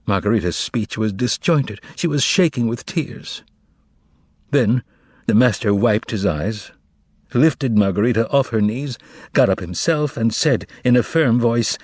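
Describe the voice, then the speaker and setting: Husky expressive male audiobook narrator. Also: mid-range voice, no echo. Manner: expressive, measured storytelling. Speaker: audiobook reader. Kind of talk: novel narration.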